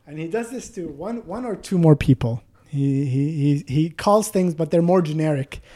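A man's voice: fairly high pitch, lively intonation, moderate pace, warm tone. A man telling a comedic story on a podcast, rambling with lots of fillers and swearing, rising to exasperated outbursts.

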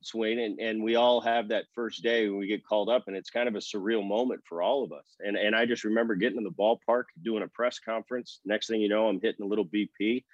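A man's voice: on the low side, fast talker, few pauses, no room sound. A man in his fifties, a former ballplayer, telling stories in an interview and acting out the dialogue. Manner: animated storyteller, acts out quoted dialogue. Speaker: former baseball player, guest. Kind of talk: relaxed storytelling interview. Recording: dry, slightly dull sound.

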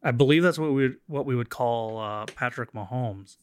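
A man's voice: mid-range voice, normal speed, smooth, dry recording. Wry man, dry close sound. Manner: wry, joking. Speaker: podcast co-host. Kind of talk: casual sports podcast chat.

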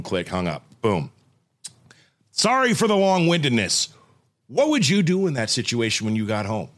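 Male podcast host, forties, lively storyteller who acts out voices. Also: medium pitch, normal speed, long pauses. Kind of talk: casual chat.

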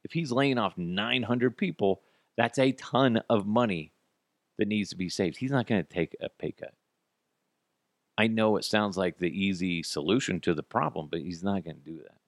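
Podcast guy ranting solo, blunt and sweary, lowish voice, dry sound. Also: moderate pace, no room sound. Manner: blunt, profane, sarcastic. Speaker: podcast host. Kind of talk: solo commentary.

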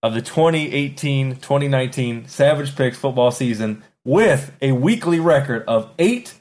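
A man's voice: medium pitch, expressive, normal speed, a little mellow. Hyped-up man reading sports picks. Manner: hypes announcements, sings out "ding" on picks. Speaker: podcast co-host. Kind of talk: casual sports podcast chat.

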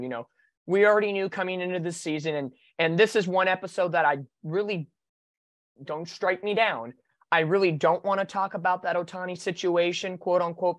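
A man hosting a sports podcast, talking in an animated, opinionated way in casual chat. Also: on the high side, no echo, clean studio sound. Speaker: podcast host.

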